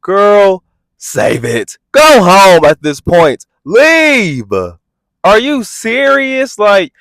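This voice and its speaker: Brief: incredulous male reality-TV reviewer, a bit high-pitched, dry close mic. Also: drawn-out words, no room sound. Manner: animated, incredulous, sassy, keeps asking "are you serious". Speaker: reality TV reviewer, channel host. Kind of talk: casual commentary vlog.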